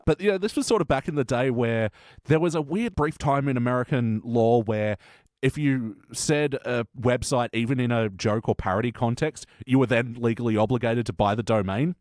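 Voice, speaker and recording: A man's voice: medium pitch, moderate pace, darkish tone, no echo, studio quality. A man hosting a casual podcast chat, asking questions and laughing often. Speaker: podcast host.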